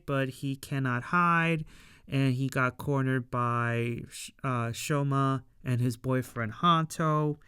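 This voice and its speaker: Slow, rambling show reviewer. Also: mid-range voice, a bit bright, clean tone, no echo, clean studio sound. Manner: rambling with frequent fillers, laughs at own retelling. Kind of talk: casual episode recap.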